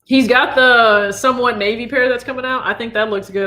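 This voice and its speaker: A man's voice: very high voice, normal speed. A man in his thirties from the US Midwest, casually answering viewer questions on a livestream. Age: 30s. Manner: relaxed, chatty, reads viewer questions aloud. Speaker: sneaker channel host.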